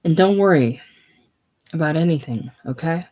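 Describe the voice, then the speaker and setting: A reader voicing a gentle, devoted young woman in a casual play reading, with soft, tender delivery. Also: mid-range voice, lively intonation, moderate pace, close to an everyday voice. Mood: soothing.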